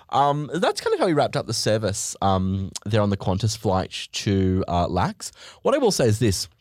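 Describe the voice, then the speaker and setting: A man tells a comedic story with big swings in pitch, his voice leaping up whenever he acts outraged. He swears freely and comes across as animated. The recording is dry and close, with no room sound. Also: no room sound.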